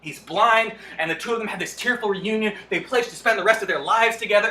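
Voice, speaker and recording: Rapid-fire sarcastic young man. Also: high voice, pushed and bright, echoey room, a little hiss or hum, rough recording. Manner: sarcastic, exasperated, swears freely. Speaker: book-summary vlogger. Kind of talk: fast comedic book summary.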